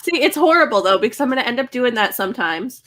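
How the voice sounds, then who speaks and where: A woman's voice: on the high side, sing-song, fast talker, a bit bright. An American woman in a casual video call chat, wry and self-mocking.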